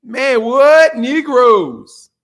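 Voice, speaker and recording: A man hosting a boxing channel, delivering a loud, profane, fired-up rant in casual stream talk, laughing between points. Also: extremely high pitch, sing-song, very slow.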